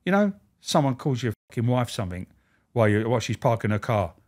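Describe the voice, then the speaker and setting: Swearing ex-prison officer. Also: male voice, medium pitch, fast. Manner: animated, acts out quoted voices. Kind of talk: candid storytelling, swearing.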